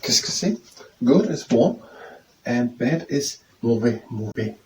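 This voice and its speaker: Man slowly practicing phrases, echoey distance. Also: medium pitch, expressive. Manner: slow, hesitant, repeating words to practice. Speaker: self-study video host. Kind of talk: reading aloud and practicing phrases. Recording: roomy echo from a distant mic with faint noise.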